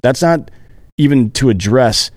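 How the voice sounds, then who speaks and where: A man's voice: mid-range voice, lively intonation, unhurried, no room sound, studio quality. A man co-hosting a podcast in casual chat, blunt and profane, ranting about the news. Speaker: podcast co-host.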